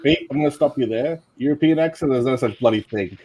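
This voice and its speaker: A man's voice: medium pitch, fast talker, dark tone, husky, rough recording. A man in a casual group chat, blunt and cheeky in how he talks.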